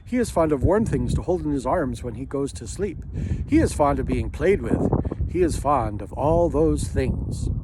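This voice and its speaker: A man's voice: medium pitch, animated, moderate pace, natural voice. A man voicing a small, gossipy bat in a storybook reading, chatty and newsy. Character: little upside-down bat, gossipy. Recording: hissy home recording.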